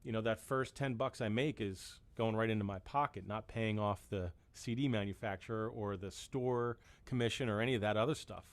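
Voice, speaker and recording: A man's voice: fairly low pitch, brisk, few pauses, dry recording. Chatty middle-aged man, dry sound. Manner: rambling, self-deprecating, many restarts. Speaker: musician guest. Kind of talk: casual chat.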